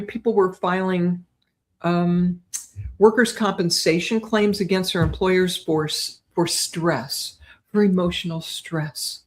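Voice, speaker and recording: An older woman, a guest on an interview show, chatting in a lively way and often checking in with "right?". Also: on the low side. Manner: chatty, animated, tags lines with "right?". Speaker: guest psychic medium. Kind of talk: casual storytelling interview.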